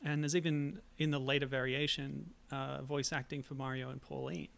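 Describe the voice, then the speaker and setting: Brief: male co-host, gravelly voice, easy chatty delivery. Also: medium pitch, level tone, normal speed, a bit bright. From Australia. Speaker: podcast co-host. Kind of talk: casual chat.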